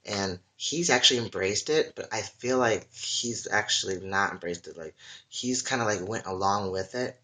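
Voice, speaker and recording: A livestreamer with a low-pitched, sharp-toned voice delivers a casual, rambling monologue that is emotional and full of swearing. It sounds recorded on a webcam or phone mic.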